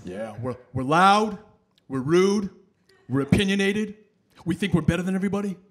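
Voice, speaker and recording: Animated high-voiced comedian. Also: male voice, normal speed. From New York. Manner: loud, animated crowd work. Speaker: stand-up comedian. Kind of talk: stand-up set. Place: back room of a bowling alley.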